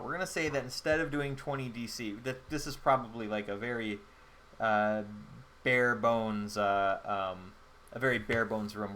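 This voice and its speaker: A man's voice: medium pitch, a bit bright, a little hiss or hum. A man playing a solo tabletop game on his channel, thinking aloud in a rambling way with many fillers. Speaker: solo game player and host. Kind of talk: solo tabletop game play-through narration.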